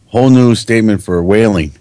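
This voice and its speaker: A man's voice: fairly low pitch, a little fast, dark tone, no echo. Laid-back male radio co-host. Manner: laid-back, joking, says "dude". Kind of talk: casual studio banter.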